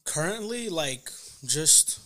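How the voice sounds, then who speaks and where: A man's voice: fairly high pitch, expressive, slow pace, bright, forceful tone. A young man chatting casually as a podcast guest, rambling and often stopping to search for words. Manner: rambling, often stalls with "what do you call it". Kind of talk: casual chat.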